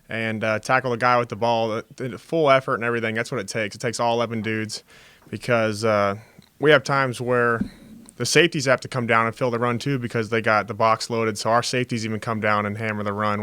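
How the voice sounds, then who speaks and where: A young man from Texas, a college football defensive player, answering reporters' questions over a video call in a steady, earnest way with frequent fillers. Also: mid-range voice, a little fast, smooth, no echo. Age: young adult. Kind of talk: press conference answers.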